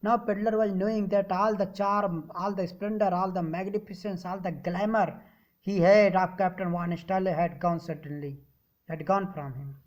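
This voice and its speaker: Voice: medium pitch, fairly even intonation, moderate pace, dull audio. A teacher with an Indian English accent explaining a story line by line, reading a passage and then restating it in simple words.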